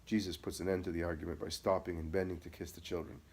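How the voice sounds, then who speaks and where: A man reading a religious narrative aloud at a measured, steady pace. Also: low-pitched, breathy edge. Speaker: reader.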